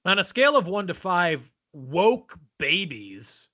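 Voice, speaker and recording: Guy cohosting a movie podcast, bouncy pitch, bright voice, playful and teasing. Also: very animated, slow, dry recording. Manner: reads trivia, playful and teasing. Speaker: podcast co-host. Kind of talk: casual chat.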